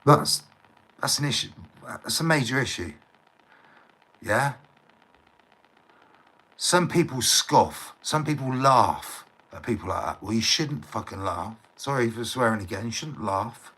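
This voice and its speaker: A man's voice: medium pitch, expressive, unhurried, pauses often, a bit bright, husky, poor audio. A middle-aged man talking on a live stream, in a heated rant that is full of swearing, repeated words and asks for agreement. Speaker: livestreamer. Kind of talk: ranting live stream monologue.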